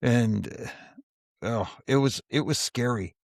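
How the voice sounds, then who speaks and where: Gravelly former referee telling stories. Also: male voice, medium pitch, slow, darkish tone, dry recording, clean studio sound. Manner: storyteller who acts out quoted dialogue in his tales. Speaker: former wrestling referee, interview guest. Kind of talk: casual anecdotal storytelling.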